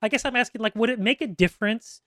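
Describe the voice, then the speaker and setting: A man hosting a podcast, asking long questions in halting, searching phrases. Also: high voice, a bit bright, dry recording, studio quality. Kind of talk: casual interview questions.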